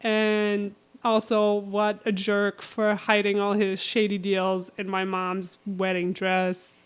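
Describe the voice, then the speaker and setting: A woman's voice: medium pitch, completely flat delivery, slow pace, smooth, lightly acted. A woman voicing a cunning young woman who pretends to be helpless, in a mock-pitiful, sing-song manner. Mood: fed up.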